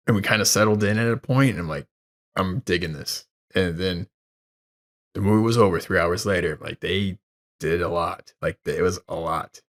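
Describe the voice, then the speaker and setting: A man's voice: low voice, fairly bright tone. A man co-hosting a podcast in casual chat, laid-back and swearing freely, full of "like". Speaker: podcast co-host.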